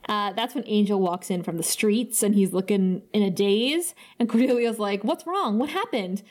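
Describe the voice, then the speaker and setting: A woman's voice: medium pitch, moderate pace, a little mellow. A woman hosting a podcast, retelling an episode in casual chat with lots of giggling. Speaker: podcast host.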